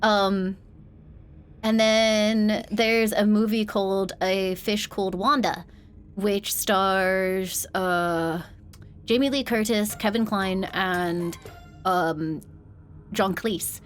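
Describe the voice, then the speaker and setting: A woman's voice: medium pitch, fairly even intonation, extremely slow, clear, resonant tone. A woman in her thirties from England whose accent sounds mostly American with a slight British edge, chatting casually on a headset mic and rambling with many fillers and restarts. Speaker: streamer. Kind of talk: casual chat.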